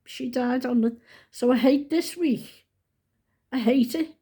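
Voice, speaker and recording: Chatty husky woman in her seventies. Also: sits high, slow, dark tone. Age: 70s. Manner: chatty and rambling, fondly addressing followers. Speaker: vlogger. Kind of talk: casual chat to camera.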